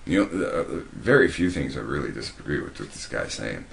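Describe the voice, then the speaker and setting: A man's voice: a bass voice, big pitch swings, brisk, vocal fry, a little hiss or hum. A man giving a preachy commentary monologue, emphatic and repetitive, often restarting his sentences. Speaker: video commentator.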